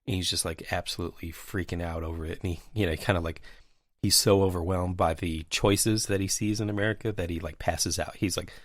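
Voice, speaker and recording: A man with a very low voice tells a casual, wandering anecdote, full of "you know" and "um." The sound is dry with no room echo. It sounds like relaxed podcast chatter between colleagues. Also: a little fast. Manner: rambling anecdotal storyteller, many fillers. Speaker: podcast host. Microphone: remote call mic.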